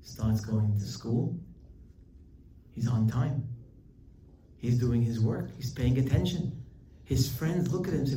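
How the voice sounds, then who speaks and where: A rabbi teaching his weekly class in an animated storytelling manner, with his pitch shooting up high for emphasis. His mid-range voice echoes around an indoor room. It is picked up from some distance, with faint ambience underneath. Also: slow, long pauses, slight background noise. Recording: roomy hall, distant mic, faint ambience.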